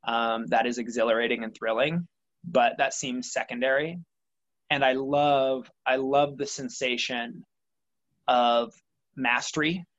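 A man's voice: mid-range voice, fairly even intonation, a little slow, a bit bright. Reflective man, slightly dull recording. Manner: thoughtful, rambling with many fillers. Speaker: interview guest, triathlete. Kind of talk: reflective conversational interview.

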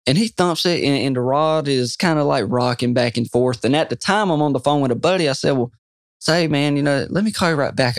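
Excited man telling a fishing story. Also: medium pitch, dry recording, studio quality. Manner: excited, animated storyteller who quotes himself a lot. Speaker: guest angler. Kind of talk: storytelling in a podcast interview.

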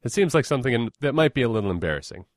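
A man co-hosting a casual chat, musing aloud in a halting way and often restarting his words. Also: mid-range voice, big pitch swings, no room sound, clean studio sound.

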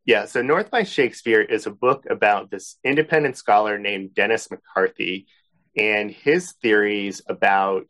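Male author guest from the Boston area, lower voice, easygoing storyteller. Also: fairly bright tone. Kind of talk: interview answers, storytelling.

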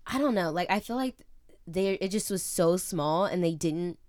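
Chatty young woman, lowish voice, swears freely, full of fillers, dry close sound. She talks casually as a podcast co-host and keeps her speech loose and unpolished. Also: expressive, moderate pace, a little mellow, no room sound. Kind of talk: casual chat.

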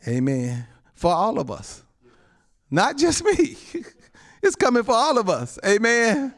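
Very animated yet slow-paced, the male pastor preaches with frequent amens and chuckles. Soft, low asides contrast with his loud, high exclamations.

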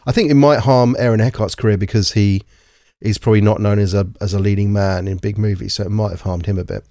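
A man casually reviewing a film on a podcast, animated and joking, often slipping into put-on voices. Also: on the low side, fast talker, no room sound, clean studio sound. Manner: animated, puts on jokey voices. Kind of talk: casual movie review chat.

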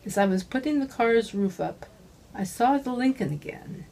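A woman's voice: a little high, lively intonation, moderate pace, vocal fry, darkish tone, low-quality recording. Woman reading a hardboiled mystery. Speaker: author reading her own novel. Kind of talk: scripted first-person narration.

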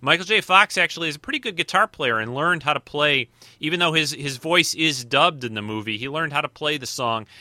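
A man's voice: on the high side, expressive, a little fast, pushed and bright, no echo. A man hosting a casual film commentary, rambling along with many fillers and restarts. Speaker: podcast host.

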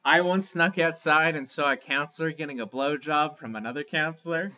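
A young man co-hosting a podcast tells crude stories in a loose, rambling style packed with fillers, his voice on the high side, pushed and bright, at a normal speed. It's casual comedic chat, and the recording sounds slightly dull with a little hiss or hum.

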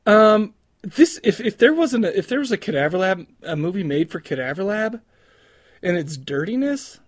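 A man's voice: sits high, big pitch swings, moderate pace, no echo, studio quality. A man co-hosting a casual movie review podcast, rambling with restarts, crude jokes and frequent laughter. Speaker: podcast co-host.

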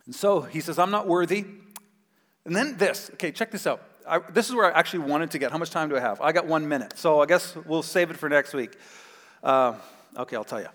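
A man preaching a sermon as pastor, telling a Bible story with animated acted-out voices. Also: on the high side, fast talker. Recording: long hall reverb.

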